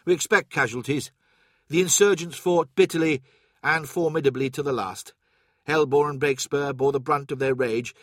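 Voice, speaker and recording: A man's voice: a little high, a bit bright, no room sound, studio quality, pitched above the performer's own voice. A man voicing a grim, commanding male warrior captain who presses with urgent questions.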